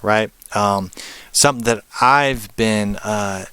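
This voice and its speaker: A spiritual teacher gives a casual talk, rambling with frequent "um"s and "right?"s and slipping into brief high voices for spirits. He speaks slowly in a bright, forceful, clear and resonant voice.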